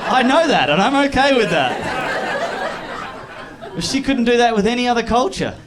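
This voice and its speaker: A man with an Australian accent doing live stand-up comedy, animated and jumping into loud put-on voices. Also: extremely high pitch, moderate pace. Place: comedy club stage. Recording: live club mic, loud crowd laughter. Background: audience laughing.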